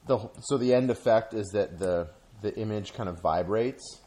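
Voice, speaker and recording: A man telling a story in casual chat, rambling and halting, with frequent swearing. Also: fairly low pitch, mellow.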